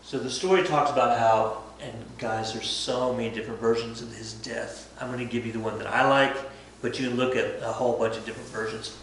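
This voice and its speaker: A male history teacher telling a story to his students in a chatty, animated way, acting out bits of dialogue. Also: medium pitch, a little fast, heavy reverb, a little hiss or hum, rough recording. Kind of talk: casual storytelling lesson.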